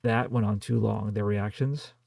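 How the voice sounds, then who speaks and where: A man co-hosting a casual film review podcast, recapping plot in a deliberate way and pointing out what bugs him. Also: on the low side, steady tone, vocal fry, darkish tone, dry recording, clean studio sound. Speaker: podcast co-host.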